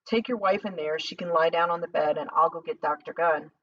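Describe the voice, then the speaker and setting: A woman voicing a terse, steady ex-soldier. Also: sits low, fairly quick. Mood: urgent. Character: steady grown man, ex-soldier, urgent. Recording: slightly distant dull lo-fi recording.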